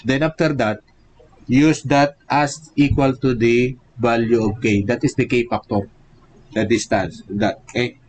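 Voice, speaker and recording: A man's voice: mid-range voice, fairly even intonation, unhurried, darkish tone, a little hiss or hum, poor audio. A male engineering professor giving a live-streamed lecture, drilling each point and checking in with "okay?" and rhetorical "what?".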